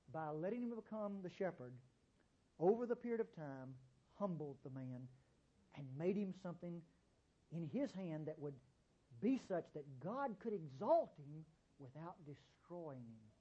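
A man preaching a sermon, emphatic and often repeating "listen to me," with sudden jumps in pitch and loudness. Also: slightly rough, highs cut off.

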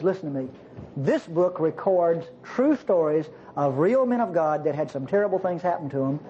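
Lively, joking preacher delivering a sermon. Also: mid-range voice. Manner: animated, jokey asides to the congregation. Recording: slightly dull recording with faint hiss.

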